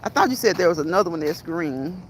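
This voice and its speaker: A woman's voice: fairly low pitch, lively intonation, fast talker, low-quality recording. A middle-aged woman on a casual walk-and-talk livestream, rambling to her viewers as she walks down a street, recorded on a phone. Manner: rambling, chatty, talks straight to viewers. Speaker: vlogger reading live chat. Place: outdoors on a street with passing traffic. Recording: clear street noise and traffic.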